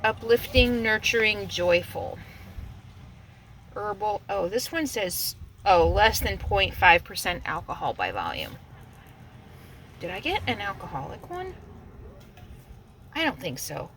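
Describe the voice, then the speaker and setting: A woman's voice: mid-range voice, very animated, measured pace, long pauses, fairly bright tone, slight background noise. A woman chatting casually to the camera on a road-trip vlog, talking to her viewers and her dog. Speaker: RV travel vlogger.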